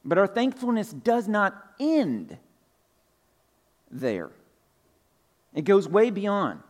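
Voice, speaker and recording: A man with a slightly raised pitch preaches to his congregation in a church. His delivery is loose and conversational, full of casual fillers, and he circles back to restate each point. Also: very animated, slow. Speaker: pastor. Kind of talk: conversational sermon. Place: church sanctuary.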